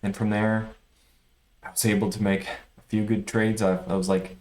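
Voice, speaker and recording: Low-voiced man recapping trades, roomy echo. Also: normal speed. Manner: animated, swings between excited and frustrated. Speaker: day trader vlogger. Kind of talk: casual recap to camera.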